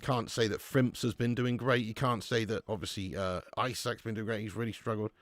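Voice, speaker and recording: A man's voice: fairly low pitch, steady tone, fairly quick, dry recording. A young man hosting a live football watch-along, chatting casually with viewers, laughing often and swearing freely. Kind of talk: live casual chat reading viewer comments.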